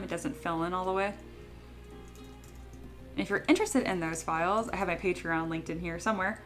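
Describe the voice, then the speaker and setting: A young Californian 3D sculptor streams her work, chatting casually, rambling, and laughing often as she goes. Her voice is fairly low in pitch and a bit bright.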